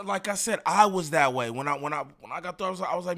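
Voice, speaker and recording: A man hosting a commentary channel, talking in an animated, rambling, slangy way with lots of repeats. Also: sits high, fast talker. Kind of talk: casual reaction commentary.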